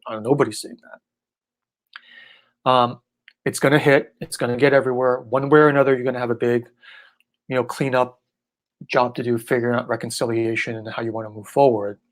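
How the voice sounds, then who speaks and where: A man acting as a spiritual teacher in a casual live online Q&A, relaxed and irreverent, often checking in with "right?". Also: medium pitch, fast talker.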